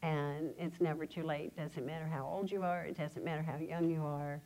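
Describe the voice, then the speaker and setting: Low-voiced woman giving earnest testimony. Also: steady tone, darkish tone, low-quality recording. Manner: earnest, halting, with pauses and fillers. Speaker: church member sharing testimony. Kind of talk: personal testimony.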